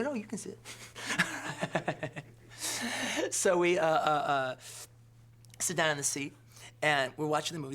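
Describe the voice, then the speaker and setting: A film director with a fairly high, gravelly, fairly bright male voice tells a meandering anecdote during an interview. He fills it with filler words and keeps checking "all right?"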